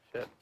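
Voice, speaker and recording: A young man, a poker content creator, bantering and joking about his cards in casual table talk on a live stream. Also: very noisy. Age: young adult. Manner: joking, self-mocking.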